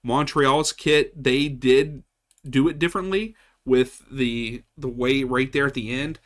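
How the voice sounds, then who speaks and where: A man's voice: medium pitch, fairly even intonation, unhurried, fairly bright tone. Chatty man ranking soccer kits. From West Virginia. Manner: chatty, repeats himself, frequent restarts. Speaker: soccer channel host. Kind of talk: casual tier-list commentary.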